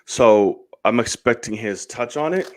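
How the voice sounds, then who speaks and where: A man hosting a live movie podcast, chatting casually and cursing freely with animated asides. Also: mid-range voice, measured pace. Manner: loose and swearing, animated asides. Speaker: podcast host.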